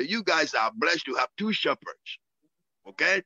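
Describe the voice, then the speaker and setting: A fervent man preaches and prays, breaking into high whoops and repeating words as he builds. His voice is gravelly and bright. The sound is dry and a little dull. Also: expressive, moderate pace, dry recording. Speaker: apostle preaching. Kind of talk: sermon and prayer.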